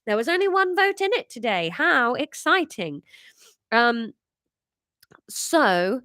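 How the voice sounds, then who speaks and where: A woman's voice: a little high, big pitch swings, slow, bright, forceful tone, no echo, studio quality. A woman in her thirties with a congested, nasal voice chats casually on a live stream and reads her own story aloud, with self-mocking asides and lots of fillers. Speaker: comedian host reading her own story.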